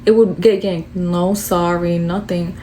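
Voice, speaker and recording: A woman's voice: on the low side, steady tone, unhurried, background noise. A young woman tells a storytime to the camera in an exasperated rant, with lots of swearing and fillers.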